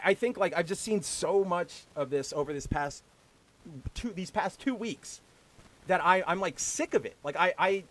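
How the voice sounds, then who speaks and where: A man with a fairly high voice rants on his livestream show. His talk is heated and full of swearing. He mocks the people he complains about with exaggerated quoted voices. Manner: heated, profane, with mocking put-on quotes. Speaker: podcast host. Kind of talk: casual ranting livestream talk.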